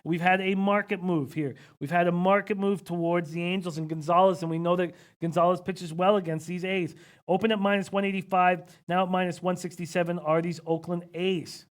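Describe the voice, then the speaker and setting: Guy doing a live betting picks stream, talks it through out loud, lots of hmms and little apologies. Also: sits high, fairly even intonation, a little fast. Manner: thinks aloud while reading out viewer comments; casual, with frequent hmms and apologies. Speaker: sports betting analyst host.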